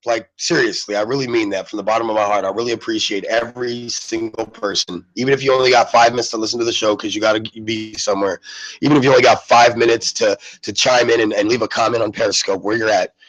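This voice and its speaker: A man's voice: on the low side, steady tone, quick pace, fairly bright tone, poor audio. A man hosting a live talk radio show, chatting casually in a rambling way with lots of fillers and restarts. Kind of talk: casual live-stream chat.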